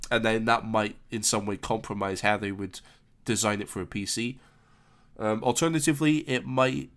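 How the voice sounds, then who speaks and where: A man's voice: fairly low pitch, fairly bright tone. A man giving casual commentary on a game announcement, hesitant with many fillers and restarts. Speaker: flight sim commentator.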